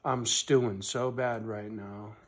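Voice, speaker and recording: Slow, blunt-talking man. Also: on the low side, fairly even intonation. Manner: blunt, swearing, repeats "right?", voice swells loud when angry then drops quiet and soft; slow, deliberate delivery with pauses. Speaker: vlogger on his rural property. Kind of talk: emotional personal vlog, talking to camera.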